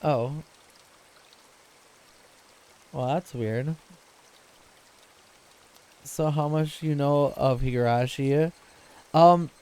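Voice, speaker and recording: Excitable young man with a mellow voice. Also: mid-range voice, clear, resonant tone. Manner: excitable and profane, fast repetitive rants. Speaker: streamer. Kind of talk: casual live-stream commentary while reading a visual novel.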